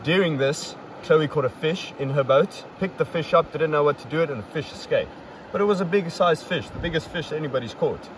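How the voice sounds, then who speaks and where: A man's voice: fairly high pitch, a little fast. A young man hosting a casual podcast outdoors, recapping a river trip in an upbeat, playfully boastful way. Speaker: podcast host. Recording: distant mic, outdoor traffic noise.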